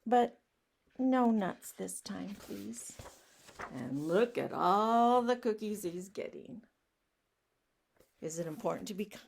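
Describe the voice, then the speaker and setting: A woman reading a picture book aloud to children, gently asking them questions and explaining. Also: mid-range voice, creaky, slight background noise. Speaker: children's story reader.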